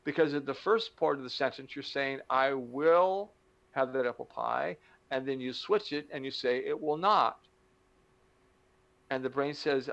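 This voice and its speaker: A middle-aged man giving a motivational talk, animated, acting out little dialogues and slowing down to stress key points. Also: medium pitch, creaky, muffled recording. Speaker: motivational speaker.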